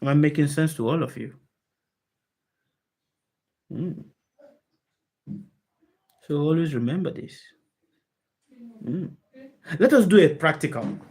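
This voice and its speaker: A woman with a deep, low voice gives a spiritual talk to a group on a video call. She speaks with emphasis, keeps asking her listeners rhetorical questions and repeats her key phrases to drive them home. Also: animated, takes it slowly, pauses often, a little mellow, breathy edge. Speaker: spiritual teacher.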